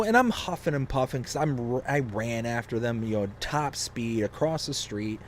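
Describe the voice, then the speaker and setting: A young man casually telling a long story on a game live stream, rambling and animated, with lots of fillers. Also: medium pitch, moderate pace, slight background noise.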